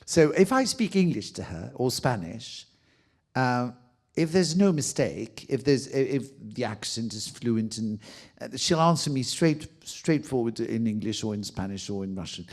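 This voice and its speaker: A man's voice: medium pitch, moderate pace. Playful French-accented man in Q&A. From France. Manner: playful, expressive, laughs often. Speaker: guest author and actor. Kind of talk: audience Q&A conversation.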